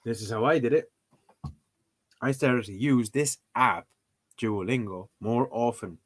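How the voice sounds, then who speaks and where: Speaking at an unhurried pace with medium pitch, a young man from Ireland vlogs in a casual, playful and exasperated way. He keeps repeating words as he tests them out.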